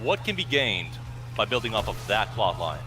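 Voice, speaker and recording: A man's voice: on the low side, big pitch swings, normal speed, music in the background. A man co-hosting a gameplay video, talking in a musing, analytical, wordy way. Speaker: co-host gaming commentator. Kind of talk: casual gameplay chat.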